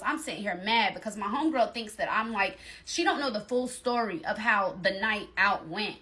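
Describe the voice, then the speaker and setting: A young adult woman telling a personal story to her viewers in a casual, slangy, animated way, often acting out what people said. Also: medium pitch, moderate pace, few pauses. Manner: animated, slangy, talks straight to viewers and acts out quoted lines. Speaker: storytime vlogger.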